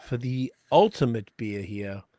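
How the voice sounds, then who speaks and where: A man's voice: mid-range voice, unhurried, background noise. An Australian man hosting a casual beer-tasting podcast chat, hyped and full of slang and swearing. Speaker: podcast host.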